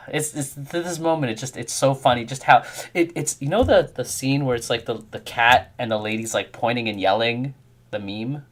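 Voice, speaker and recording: A man in his thirties, a game developer, telling animated stories in casual chat while he codes. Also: medium pitch, moderate pace. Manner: animated storyteller who acts out quotes.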